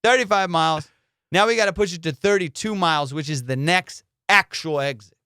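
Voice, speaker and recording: Guy telling a wild story on his podcast, fast slang and swearing, crisp tone, dry mic. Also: high-pitched, dry recording. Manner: excitable, profane, slangy. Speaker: comedian podcast host. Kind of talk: animated storytelling.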